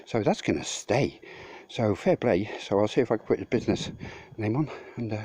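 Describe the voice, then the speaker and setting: A man's voice: fairly low pitch, expressive, a little fast, a little mellow, slightly rough, no echo. A man vlogging casually outdoors while hauling loads uphill, rambling and swearing freely as he talks to his viewers, out of breath. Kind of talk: casual walking vlog. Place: outdoors on a mountain path. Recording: noisy outdoor phone recording.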